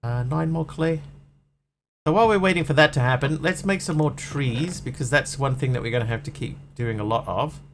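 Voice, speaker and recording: A man's voice: medium pitch, a little fast, a little hiss or hum. Chatty man streaming a game. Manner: chatty, rambling, self-mocking. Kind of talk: casual live-stream chat while gaming.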